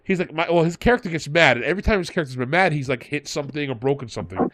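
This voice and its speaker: A man's voice: on the high side, very fast. A man hosting a podcast, telling a tabletop game story in casual chat and retelling his players' lines. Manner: animated, retells players in quoted voices. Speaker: podcast host and game master.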